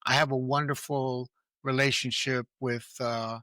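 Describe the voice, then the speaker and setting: A man's voice: mid-range voice, flat delivery, unhurried, sharp tone, no room sound. A middle-aged man, a parenting coach, answering interview questions in a candid, reflective way from his own experience. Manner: earnest, reflective, speaks from personal experience.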